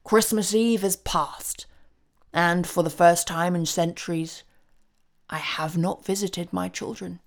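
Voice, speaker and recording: A woman voicing a kindly, patient old Santa Claus in a storybook reading, speaking calmly with a gravelly tone. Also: fairly low pitch, slow pace. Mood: gentle. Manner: gentle, calm.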